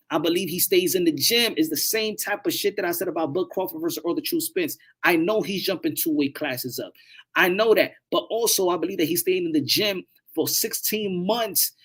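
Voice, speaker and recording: On his boxing channel, a man gives casual live-stream commentary in a slightly high, slightly rough voice, staying animated while repeating words often and swearing freely.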